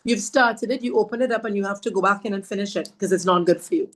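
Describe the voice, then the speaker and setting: A woman voicing another woman who scolds and insists, in a much higher, emphatic voice. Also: fast, lightly acted. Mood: insistent. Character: insistent, bossy woman urging her back.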